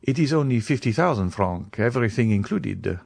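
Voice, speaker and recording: A man's voice: medium pitch, lively intonation, normal speed, gravelly, a little mellow, no room sound, studio quality. A man playing a fawning provincial notary. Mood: obliging. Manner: eager, obliging. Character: fawning provincial male notary, fee-minded.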